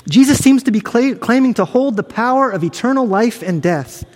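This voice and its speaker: Male pastor, high voice, earnest conversational sermon delivery, recorded in a reverberant hall. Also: expressive, normal speed, a little mellow. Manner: earnest, conversational preaching with frequent restarts.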